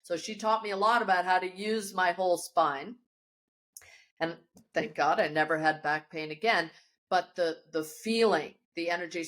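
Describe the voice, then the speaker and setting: Yoga teacher lady chatting on a podcast, kinda low voice, animated storytelling. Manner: animated storyteller with many restarts and laughs. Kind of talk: casual storytelling interview. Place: her yoga studio.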